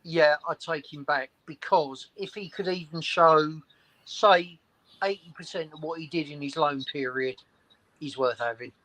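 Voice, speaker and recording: A man co-hosting a casual fan podcast, speaking briskly with short agreeing interjections. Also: a little high, bright, forceful tone, no echo, low-quality recording. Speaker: podcast co-host. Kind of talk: casual chat.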